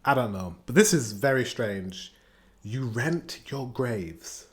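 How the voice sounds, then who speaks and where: A man's voice: medium pitch, animated, slow pace. A man hosting a reaction video, talking casually, laughing often and repeating rhetorical questions. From United Kingdom.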